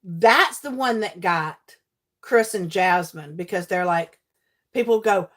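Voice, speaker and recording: A middle-aged woman chatting casually with her livestream viewers while crafting. She is animated, laughs often and greets viewers by name. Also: lowish voice, takes it slowly. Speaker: livestream host and teacher.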